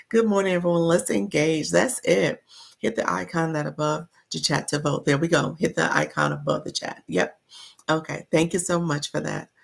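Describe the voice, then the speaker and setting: A woman's voice: fairly low pitch, gravelly. A woman coaching live-stream viewers in a chatty way, greeting people in the chat by name and laughing often.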